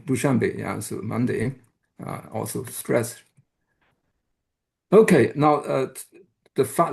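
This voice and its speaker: A man giving an academic lecture who explains step by step, pauses often and checks in with the audience. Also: medium pitch, vocal fry, a little mellow. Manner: hesitant, with frequent "uh" and restarts. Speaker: university lecturer.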